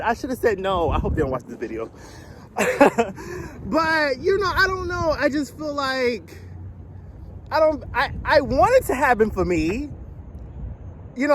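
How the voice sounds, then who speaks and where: A young man with a high, light voice films a candid confessional on his phone while he walks to work on a cold, windy street. He talks in a loose, rambling way and laughs often, and faint traffic noise sits under his voice. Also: fairly bright tone. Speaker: vlogger. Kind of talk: casual confessional vlog. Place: outdoors on a cold windy city street, walking. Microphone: phone held at arm's length.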